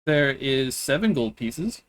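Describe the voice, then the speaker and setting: A man running a tabletop game as game master, narrating haltingly with many restarts. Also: medium pitch, animated, slight background noise. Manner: halting, restarts often, laughs between lines.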